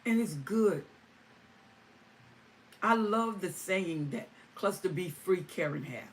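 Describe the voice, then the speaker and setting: A woman's voice: on the low side, expressive, slow, long pauses. A woman hosting a live stream, answering viewer comments and repeating phrases for emphasis. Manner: emphatic, repeating lines for stress. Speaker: livestream host. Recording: distant mic with faint ambient noise.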